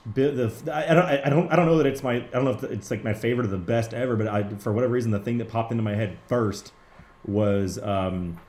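Excitable, swearing man in a roomy echo. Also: mid-range voice, fast. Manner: profane, excitable, many restarts. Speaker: comic book writer guest. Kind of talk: casual interview chat.

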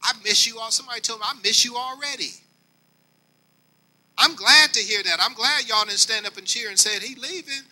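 Male pastor, older, folksy sermon delivery with a high, very bright tone. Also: a little fast, poor audio. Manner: preaching with swings between soft and loud; folksy, talks directly to the congregation.

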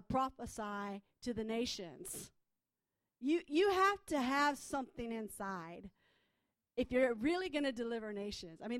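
A woman's voice: a little high, no echo. A woman minister telling her testimony in a chatty way, full of fillers and restarts. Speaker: prophetic minister. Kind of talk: personal testimony.

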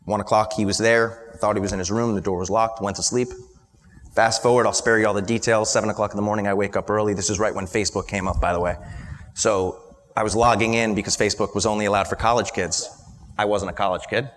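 A man's voice: lowish voice, fairly even intonation, quick pace. A man in his late twenties, a business owner telling an emotional personal story at a live talk and stuttering at moments. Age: late 20s. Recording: long hall reverb from a live event.

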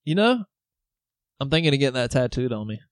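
A man's voice: medium pitch, sing-song, brisk, clean tone, no room sound, clean studio sound. A man co-hosting a podcast, chatting casually, laughing often, swearing and acting out film lines. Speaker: podcast co-host. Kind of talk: casual chat.

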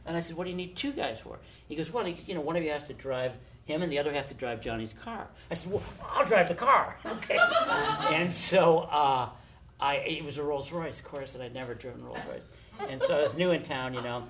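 Animated older man telling stories. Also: a little high, a little fast, noisy background. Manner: animated storyteller, acts out quotes. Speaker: storyteller guest. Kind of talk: casual anecdotes.

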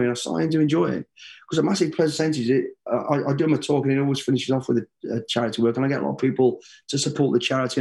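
A middle-aged man talks as a guest in a casual interview. He tells his stories with plenty of energy, swears freely and acts out the voices of people he quotes. His voice sits at an ordinary middle pitch. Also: creaky, darkish tone.

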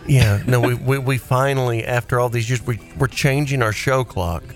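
A man with a Southern US accent hosting a radio show from the studio, talking in a rambling, jokey and animated way. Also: medium pitch, moderate pace, faint music behind. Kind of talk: casual radio banter.

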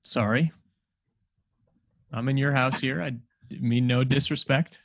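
A man plays a tabletop game, answering the game master hesitantly and filling gaps with "um" and "uh." He speaks slowly at a middle pitch. The recording is dry and close. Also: fairly even intonation, gravelly, no echo. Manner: hesitant, with many "um" and "uh". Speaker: player. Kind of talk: improvised role-play as a player.

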